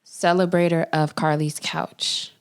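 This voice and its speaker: A woman's voice: sits low, flat delivery, a little slow, smooth. Laughing woman podcast co-host. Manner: laughs often, playful slang. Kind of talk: casual chat.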